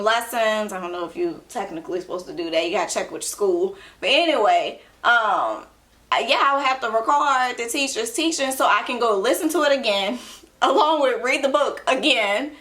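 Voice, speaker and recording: A talkative woman, chatting in a casual vlog from her room at home. Her voice sits a little high and rings crisp and bright. She rambles freely, piling up fillers as she goes. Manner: chatty, loose storytelling with frequent fillers. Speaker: ER nurse and beauty blogger.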